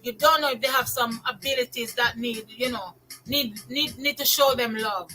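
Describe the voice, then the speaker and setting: An older Jamaican woman tells stories straight to her viewers in a casual, lively way, doubling up her phrases for emphasis and sliding into patois. Her voice sits high and sounds bright and ringing. Soft music plays faintly behind her. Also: normal speed, rough recording. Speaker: vlogger. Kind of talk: casual storytelling monologue.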